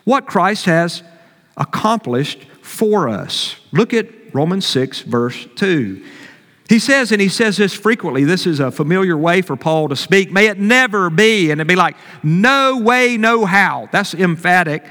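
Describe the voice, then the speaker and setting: A man with a high voice preaches from the pulpit, hammering key phrases and repeating them. His voice rings out in a church hall with a long reverb tail. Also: animated, unhurried, fairly bright tone. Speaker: pastor. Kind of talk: sermon.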